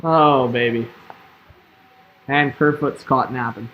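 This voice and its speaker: A man's voice: medium pitch, fairly even intonation, slow pace, narrow, tinny audio, a little hiss or hum. A young man doing casual live-stream hockey commentary, chatting loosely and answering his viewers. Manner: chatty, reads and answers chat, lots of "like" and "man".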